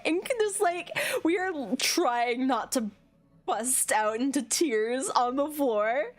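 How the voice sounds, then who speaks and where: A young woman from Canada, chatting casually on a game stream, excitable and laughing often. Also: high voice, slow pace. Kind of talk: casual livestream chat.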